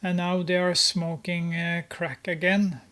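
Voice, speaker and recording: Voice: medium pitch, little pitch movement, unhurried, a bit bright. A gamer giving commentary on gameplay, narrating with many hesitations and amused exclamations.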